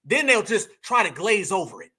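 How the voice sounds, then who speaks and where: Man, bright forceful voice, animated reaction commentary host. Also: high voice, moderate pace, breathy edge. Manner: animated, preachy, calls audience "fam", mocks voices.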